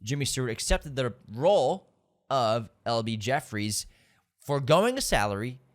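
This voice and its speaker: Male podcast co-host, mid pitch, steady informative delivery of trivia. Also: moderate pace. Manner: reads background facts from notes, steady and informative. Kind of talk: casual film discussion.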